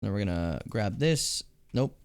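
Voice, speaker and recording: A man's voice: on the low side, expressive, measured pace, smooth, dry recording. A young man talking casually while editing his own stream footage, rambling, cursing and laughing at himself. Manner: rambling, swearing, breaks into laughs and silly humming.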